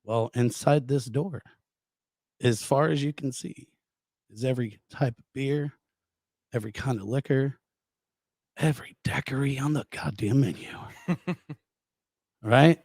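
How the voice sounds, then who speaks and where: A man's voice: medium pitch, measured pace, long pauses, darkish tone, dry recording. A man hosting a podcast, telling jokes in casual chat with heavy swearing and a hyped-up delivery. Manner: profane, hyped-up storytelling. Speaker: podcast host.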